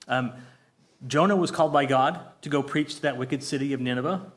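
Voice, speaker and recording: A heartfelt man in his fifties teaching a small Bible study group. His speaking voice sits at an average pitch, and his talk is loose and conversational, full of "um"s and restarts. He stops now and then to read scripture aloud or to ask the group a question. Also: fairly quick, fairly bright tone. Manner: earnest and heartfelt, conversational with many fillers and restarts.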